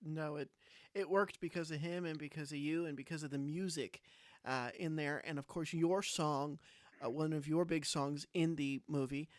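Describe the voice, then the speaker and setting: Male host, interviewer, encouraging and prompting; higher voice, dry room. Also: steady tone, normal speed, no room sound. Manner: affirming, prompts with questions. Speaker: podcast host.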